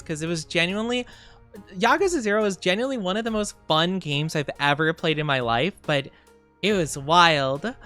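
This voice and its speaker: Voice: mid-range voice, pushed and bright. A live streamer in casual chat with viewers, rambling and thinking aloud with lots of fillers.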